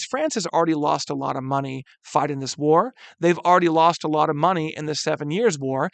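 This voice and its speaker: A man teaching a recorded history lesson over slides, casual and animated, calling his students "guys" and stumbling now and then to correct himself. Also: a little high, gravelly, no echo.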